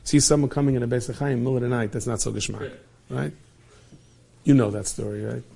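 A man's voice: medium pitch, quick pace, creaky, dark tone. A man telling an inspirational story to listeners, acting out the characters as he goes.

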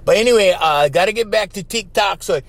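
A man's voice: high-pitched, fairly quick, no echo. A middle-aged man from Hawaii with a Hawaiian Pidgin accent, hosting a podcast in a rambling, casual storytelling way, repeating his words and chuckling often. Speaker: podcast host.

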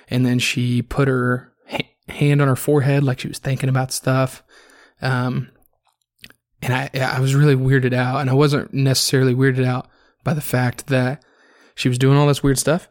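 A man hosting a podcast, rambling through a crude personal story in a casual monologue full of swearing. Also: medium pitch. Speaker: podcast host.

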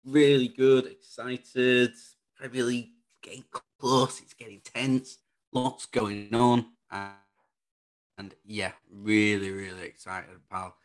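A man's voice: medium pitch, flat delivery, slow. A man co-hosting a casual podcast, playful and teasing in his banter. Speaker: podcast co-host.

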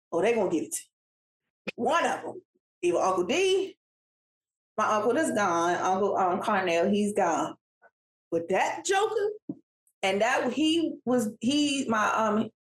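A woman co-hosting a podcast, chiming in with frequent laughter and telling family stories. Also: medium pitch. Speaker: podcast co-host. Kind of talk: casual storytelling chat. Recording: roomy echo.

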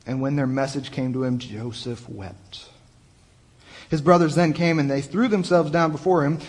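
A man's voice: a little high, brisk. A young man, a youth pastor, preaching a conversational sermon that retells the story in his own casual words. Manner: conversational, animated retelling with restarts. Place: church hall. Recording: long hall reverb.

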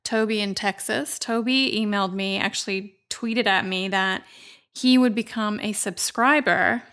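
A woman co-hosting a comedy podcast, talking in a chatty, rambling way, her voice dry and rough with vocal fry at the end of the day. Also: mid-range voice, a little slow, a bit bright. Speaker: co-host, pop culture segment. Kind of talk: casual comedy podcast chat.

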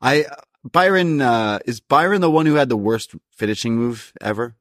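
A man's voice: medium pitch, expressive, moderate pace, a bit bright, no echo, studio quality. A man co-hosting a casual review podcast, laughing often and making blunt asides. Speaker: podcast co-host.

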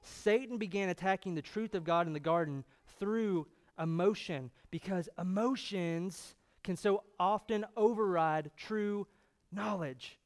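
A man's voice: sits high, a little slow. A man preaching a sermon as pastor, firing off rhetorical questions and building to fervent emphasis.

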